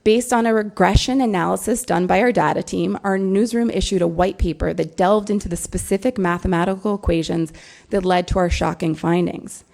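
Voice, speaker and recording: A woman giving an earnest, measured conference talk as a newsroom lawyer, stressing key words. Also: lowish voice, creaky, a little mellow. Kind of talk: prepared conference speech.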